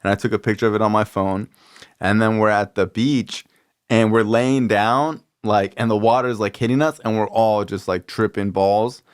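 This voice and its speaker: A young man hosting a podcast, telling stories in a casual, animated way and acting out what people said. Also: fairly low pitch, moderate pace, smooth. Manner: animated storyteller, acts out quotes. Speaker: podcast host. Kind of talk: casual storytelling chat.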